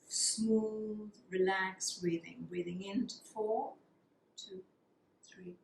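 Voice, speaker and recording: Slow, calm woman guiding yoga breathing. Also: mid-range voice, gravelly, a little hiss or hum. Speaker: yoga teacher. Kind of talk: guided yoga breathing instruction. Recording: echoey room with faint ambience.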